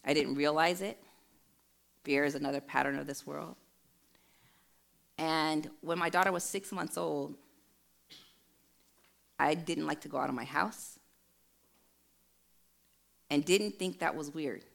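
A middle-aged woman delivering a sermon, weaving in her own story with earnest emphasis. Her voice sits low, with a gravelly fry at the edges of her phrases. She speaks like a storyteller pressing home a point. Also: measured pace, pauses often. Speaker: preacher. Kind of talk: sermon with personal testimony.

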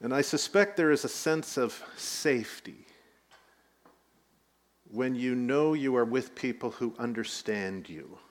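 A man's voice: mid-range voice, animated, unhurried. A man preaching a sermon, telling the story with rising emphasis and light asides. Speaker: pastor.

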